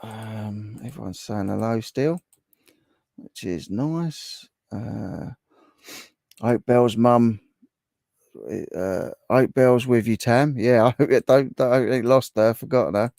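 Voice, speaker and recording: A man's voice: medium pitch, a little slow, creaky, dark tone, no room sound, clean studio sound. A man, likely in his thirties or forties, hosting a casual livestream from home, chatting and laughing with viewers. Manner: chatty, laughs often, reads viewer comments aloud. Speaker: livestream host. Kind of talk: casual livestream chat reading comments.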